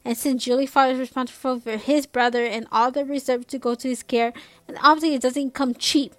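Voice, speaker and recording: A woman reading as a calm, firm old grandfather. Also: sits high, a little fast, dry recording. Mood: steady. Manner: steady and firm.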